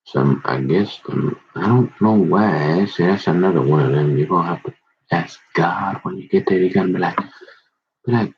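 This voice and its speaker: A man reading scripture aloud slowly, drawing out words and breaking off into joking casual asides. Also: deep voice, dull audio, slight background noise. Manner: slow, drawn-out reading broken by joking chatter. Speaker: Bible reader.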